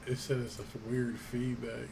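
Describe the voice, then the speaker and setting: A laid-back man with a dry, slangy way of talking, trading casual banter on a podcast. He speaks from his room at home into a shared mic, with clear background noise in the recording. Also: medium pitch, little pitch movement, unhurried, a little mellow. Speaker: podcast co-host. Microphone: one microphone shared by two.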